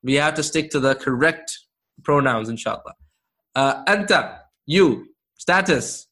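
A man's voice: mid-range voice, pushed and bright. A man teaching an interactive grammar lesson, quizzing his class and praising answers as he goes. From Canada. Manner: slow, encouraging, quizzes the class with quick praise. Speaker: Arabic teacher.

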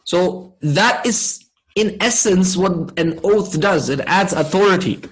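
A man teaching a class, explaining slowly and checking in with his students often. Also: high voice, low-quality recording. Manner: slow, deliberate explaining. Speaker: Arabic grammar teacher.

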